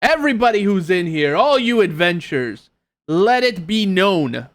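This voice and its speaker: Guy doing a big righteous warrior lady, booming, old-timey and preachy, dead dry sound. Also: big pitch swings, normal speed, dry recording. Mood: proclaiming. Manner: proclaiming, old-fashioned grand speech. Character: fierce righteous woman warrior, booming and grand.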